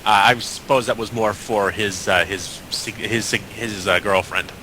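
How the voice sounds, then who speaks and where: A man's voice: fairly low pitch, steady tone, moderate pace, pushed and bright, a little hiss or hum. A man playing a tabletop game in character, often hesitant and stumbling over his words. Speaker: player.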